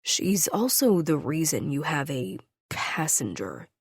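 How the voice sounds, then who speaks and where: A woman voicing a gruff, brooding male wolf-shifter alpha in an audiobook, speaking curtly in a low, grim tone. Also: big pitch swings, takes it slowly, dry recording, studio quality, exaggerated voice.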